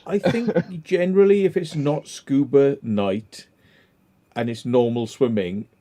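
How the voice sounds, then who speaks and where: Rambling man with a dark voice. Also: mid-range voice, measured pace. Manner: rambling storyteller, many fillers. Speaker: livestream host. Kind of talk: casual chat.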